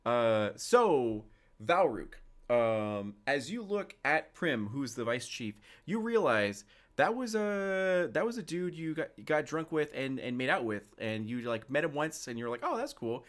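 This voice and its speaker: A man's voice: mid-range voice, expressive, moderate pace, a bit bright. A man narrating a tabletop role-playing game as game master, in a loose, rambling way with lots of fillers.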